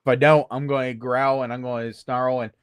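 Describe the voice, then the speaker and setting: A man talking as a guest about working haunted attractions, telling stories with playful swings between high and low voices. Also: level tone, normal speed, smooth, no echo. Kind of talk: animated storytelling chat.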